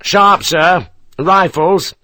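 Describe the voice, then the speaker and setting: A man's voice: sits high, very slow, sharp tone, a little hiss or hum, pitched above the performer's own voice, exaggerated voice. A man voicing a blunt young rifleman officer who answers in short, dutiful replies. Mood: terse. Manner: clipped, dutiful, terse replies.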